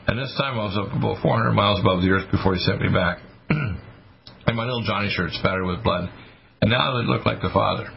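A man's voice: lowish voice, fairly quick, creaky, slight background noise. A male radio talk show host giving a rambling, intense, preachy monologue about the end times. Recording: muffled lo-fi radio broadcast.

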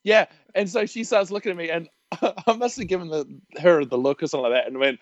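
A man's voice: on the high side, quick pace, dry recording, dull audio. A man, telling stories in a casual chat and laughing often. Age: 30s. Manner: animated, laughing, acts out voices in his stories. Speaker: podcast guest.

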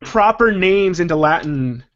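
A man's voice: sits high, lively intonation, unhurried, a bit bright. A man on a podcast, explaining things in a precise, lecturing way, in a dull, muffled recording. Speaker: podcast guest.

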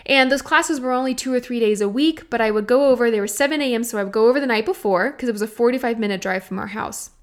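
A young woman from Texas talks through her solo podcast. She sounds chatty and earnest, speaking straight to her listeners in a voice that sits a little high. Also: quick pace, few pauses. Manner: warm, chatty and earnest, addressing listeners directly. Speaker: podcast host. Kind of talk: casual solo podcast talk.

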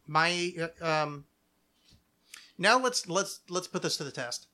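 Male podcast host, slightly high and bright, rambling casual chat with many fillers. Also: lively intonation, slow. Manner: rambling, full of fillers and self-corrections.

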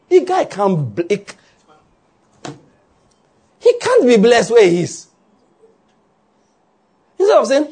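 A man preaches with a slightly high, husky voice. His delivery is animated and keeps checking that the congregation follows along. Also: normal speed, pauses often. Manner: animated preaching, asks "are you getting my point?" often. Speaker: pastor. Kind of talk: sermon.

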